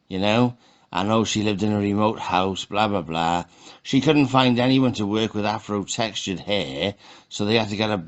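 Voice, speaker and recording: A man's voice: low voice, fairly bright tone. A man giving a scornful commentary monologue, mocking and full of rhetorical questions.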